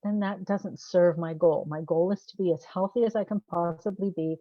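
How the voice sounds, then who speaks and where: A woman's voice: on the low side, fairly even intonation, normal speed, dry recording. A woman coach talking casually to the camera, posing rhetorical questions and laughing at herself. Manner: conversational, asks rhetorical questions. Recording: dull, dry sound.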